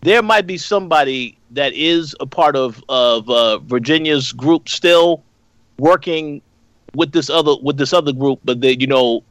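A man co-hosting a podcast, laying out his points on a TV episode in a measured, step-by-step way. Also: fairly high pitch, a bit bright, no room sound. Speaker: podcast co-host. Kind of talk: casual discussion.

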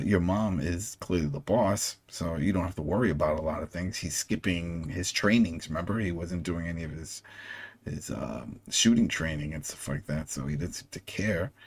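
Deep husky-voiced man recapping a show. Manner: animated, acts out characters' lines while retelling scenes. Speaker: podcast co-host. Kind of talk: casual show recap chat.

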